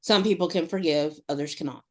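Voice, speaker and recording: A woman's voice: low-pitched, fairly quick. A woman co-hosting a podcast in casual chat, rambling with lots of fillers and restarts. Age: adult mother. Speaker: podcast co-host.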